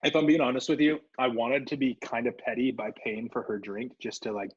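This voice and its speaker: A man's voice: mid-range voice, fairly quick, slightly rough, highs cut off. A man co-hosting a podcast, telling a story in casual chat and acting out the people in it. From Southern California. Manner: animated storyteller, acts out quoted voices. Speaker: podcast co-host.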